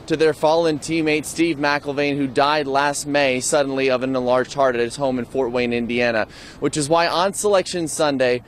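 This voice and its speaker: A man reporting sports news for television with an upbeat, crisp delivery. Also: mid-range voice, fairly even intonation, normal speed, slight background noise.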